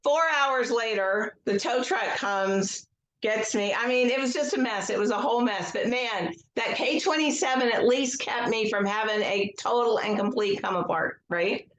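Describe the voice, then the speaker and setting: Speaking from home over a video call, a woman who works as an educational psychologist leads a guided tapping session. Her voice sits on the high side as she offers slow, gentle affirmations mixed with casual asides, and the room sounds echoey.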